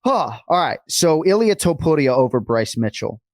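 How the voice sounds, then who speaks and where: A man co-hosting a podcast, talking casually and energetically, with quick asides. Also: a little high, very animated, no room sound, studio quality. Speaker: podcast co-host. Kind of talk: casual chat.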